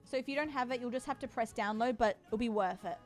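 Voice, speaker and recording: A bubbly woman chatting to her stream viewers in a playful, casual way. Her voice sits fairly high, with faint music running in the background. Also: fast. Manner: bubbly and playful, talks to chat. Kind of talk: casual sponsored livestream chat.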